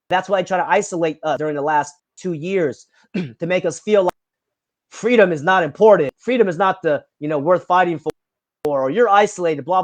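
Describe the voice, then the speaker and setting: A man's voice: a little high, no room sound. A man talking as a podcast guest in casual conversation, earnest and passionate, with thoughts that wander from point to point.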